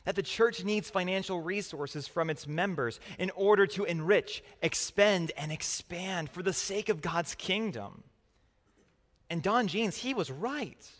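Man, church leader, high voice, earnest and measured, echoing hall. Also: fairly bright tone. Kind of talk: church address. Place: church sanctuary. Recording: long hall reverb.

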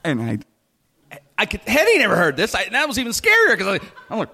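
Brief: lively, excitable male storyteller, voice swinging up and down, a little higher-pitched, long hall reverb. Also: normal speed, long pauses. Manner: animated, laughing often, lots of restarts. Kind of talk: comic storytelling.

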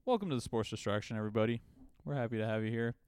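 A man's voice: mid-range voice, lively intonation, rapid-fire, darkish tone, smooth, no room sound, studio quality. A man from southern Ontario co-hosting a casual sports podcast, laughing often and swearing freely. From southern Ontario, Canada. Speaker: podcast co-host. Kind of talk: casual chat.

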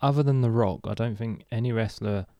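A young man co-hosting a casual podcast, laid-back and giving short answers. His voice is low and gravelly with vocal fry. The recording is dry and close. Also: brisk, warm tone, no echo, muffled recording. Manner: laid-back, brief replies. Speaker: podcast co-host.

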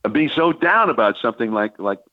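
A man's voice: mid-range voice, very animated, brisk, no room sound, lo-fi sound. An older man, a veteran baseball broadcaster, telling long rambling stories on a sports talk radio show. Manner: rambling anecdotal storytelling with many restarts and fillers.

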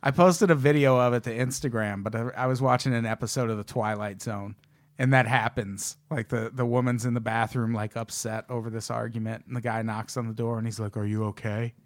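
A man who is a comedian, guesting on a casual podcast, sarcastic and deadpan with lots of swearing. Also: mid-range voice, a little fast, dry recording, clean studio sound.

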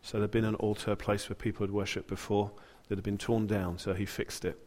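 A man's voice: on the low side, level tone, brisk, darkish tone, long reverb tail. A man preaching a sermon, retelling a story with dramatic, humorous flair.

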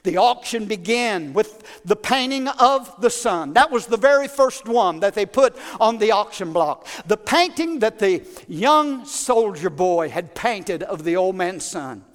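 A man preaching a sermon, telling a story dramatically and building to shouted praise in a large church hall. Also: sits high, lively intonation, unhurried, few pauses. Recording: long hall reverb.

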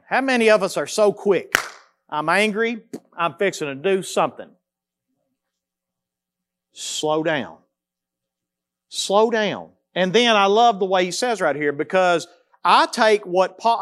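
A man, preaching a sermon as pastor, swinging between loud emphasis and quiet, slow repetition. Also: high-pitched.

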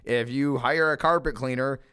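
A man's voice: mid-range voice, normal speed, clear, resonant tone. A man telling a story in casual chat, swearing freely and mimicking the people in it. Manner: animated, swearing, mimics people in exaggerated voices.

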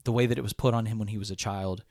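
Brief: man, gravelly voice, church staff member, earnest rambling storyteller. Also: fairly low pitch, fairly even intonation, very fast, a little mellow. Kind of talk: casual discussion, personal story.

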